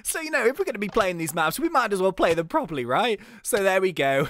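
A young man hosting a gaming channel, giving chatty, excitable play-by-play commentary and often laughing at the game. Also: high voice, fast talker, a little hiss or hum.

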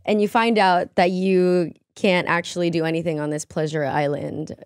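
A woman's voice: lowish voice, fairly even intonation, normal speed, clear, resonant tone, no room sound, clean studio sound. A young woman co-hosting a podcast, asking questions and teasing her guest in casual chat. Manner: teasing, playful interviewer. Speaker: podcast co-host.

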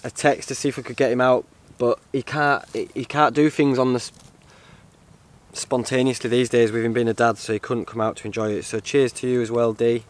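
A man chatting to camera in a casual vlog, excitable and rambling. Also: medium pitch, a little fast. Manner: excitable, rambling, swears and laughs often. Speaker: outdoor vlogger.

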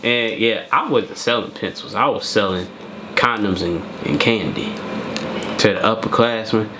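A man's voice: on the low side, moderate pace, background noise. A young man co-hosting a reaction video, telling stories in an easygoing, joking way. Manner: laid-back storytelling, chiming in with jokes. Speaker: co-host. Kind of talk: casual reaction chat.

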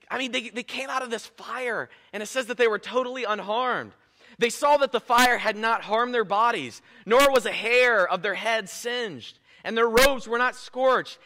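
A man preaching a sermon in a church, retelling a scripture story in a lively, playful way with casual asides. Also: sits high. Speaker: pastor. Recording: echoey church hall.

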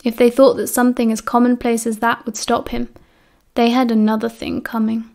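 A woman with a British accent narrating an audiobook in a steady, clear storytelling voice. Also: a little high, brisk. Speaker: audiobook reader.

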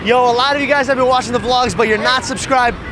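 A man's voice: extremely high pitch, fairly even intonation, fast talker, a crowd in the background. A man hosting a casual vlog, joking around and laughing often as he chats with strangers at the beach. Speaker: vlog host. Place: outdoors at a beach. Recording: noisy outdoor beach recording.

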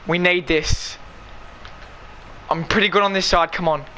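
Male gamer, high bright voice, excitable live commentary, shouts at the play. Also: unhurried, slight background noise. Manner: excitable, shouting and pleading at the game. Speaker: gaming YouTuber.

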